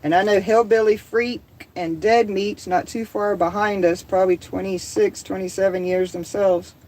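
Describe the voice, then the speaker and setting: A woman's voice: medium pitch, fairly even intonation, moderate pace, a little mellow, low-quality recording. A middle-aged woman from the American South with a Southern accent, hosting a casual livestream, chatting, reading viewer comments aloud and laughing easily. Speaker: livestream host.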